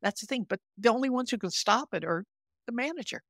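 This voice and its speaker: A woman's voice: on the high side, quick pace, no echo, studio quality. A woman in her sixties or older, a psychotherapist, speaking earnestly and telling stories in a podcast interview. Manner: earnest, animated storytelling. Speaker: guest psychotherapist.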